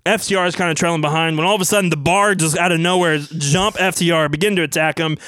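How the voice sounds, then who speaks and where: A man casually narrating a wrestling storyline as brisk play-by-play. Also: fairly high pitch, fairly even intonation, sharp tone, dry recording.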